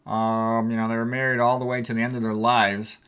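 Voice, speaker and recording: A man's voice: mid-range voice, little pitch movement, a little fast, clear, resonant tone. Older American man reminiscing casually. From United States. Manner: rambling, conversational, warm reminiscing. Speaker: physician vlogger. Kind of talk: casual talk over family photos.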